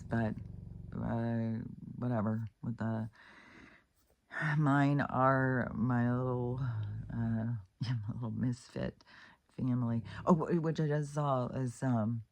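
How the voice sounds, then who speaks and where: A woman's voice: rumbling low, dark tone. A woman vlogging in a rambling, profane, casual rant, full of fillers and restarts, exclaiming in disbelief.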